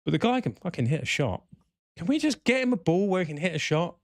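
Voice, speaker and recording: Animated man hosting a football chat show. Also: sits high, quick pace, dry recording, studio quality. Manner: animated, swearing, exasperated rants. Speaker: podcast host.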